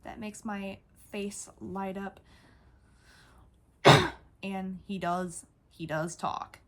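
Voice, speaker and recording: A woman's voice: mid-range voice, fairly even intonation, drawn-out words, long pauses, fairly bright tone. A woman vlogger showing off her toys in a casual, gushing way, often repeating herself. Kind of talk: casual toy show-and-tell.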